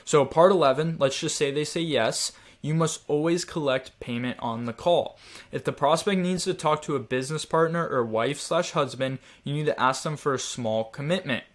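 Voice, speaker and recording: A man teaching a sales training lesson in a direct, coaching manner, urging his listeners on. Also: mid-range voice.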